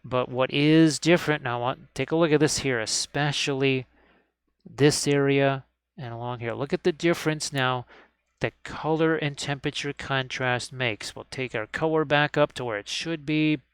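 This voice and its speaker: At an indoor hobby desk, a man teaches miniature painting on a live stream, cheerfully chatting as he works and often saying "look at this" to get viewers to look closely. His mid-range voice is smooth, at a moderate pace, with no room sound.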